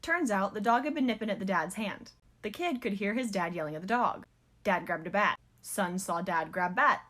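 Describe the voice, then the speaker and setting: A woman's voice: mid-range voice, moderate pace, a bit bright. A woman casually telling a funny work story, quoting people with an amused tone.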